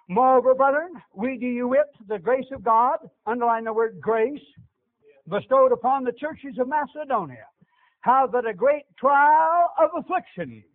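A man preaching a sermon, calling out to the congregation with animated back-and-forth questions. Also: very high voice. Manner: animated call-and-response preaching. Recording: tinny lo-fi radio broadcast.

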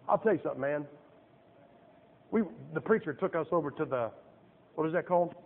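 Folksy, lively-pitched preacher man. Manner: folksy and joking, rhetorical questions. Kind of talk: sermon. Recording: tinny, echoey church recording.

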